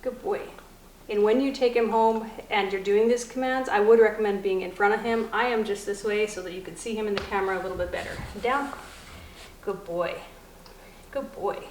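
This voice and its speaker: A woman dog trainer explaining puppy commands in a calm teaching manner, softly praising the puppy between steps. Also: medium pitch, quick pace, hardly any pauses. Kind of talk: instructional demonstration. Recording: echoey room, faint noise.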